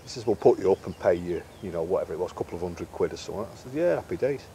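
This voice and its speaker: A middle-aged man spins a long, chatty anecdote, slipping into the voices of the people he quotes. His voice sits a little low. Faint background noise runs under the recording. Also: lively intonation, rapid-fire, warm tone. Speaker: interview guest, carp angler and bait maker. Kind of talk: casual storytelling interview.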